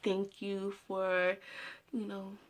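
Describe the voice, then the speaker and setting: A woman's voice: mid-range voice, monotone, drawn-out words. A woman in her twenties giving a casual personal monologue about her future, rambling with many "you know" fillers. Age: 20s. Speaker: student making a personal video.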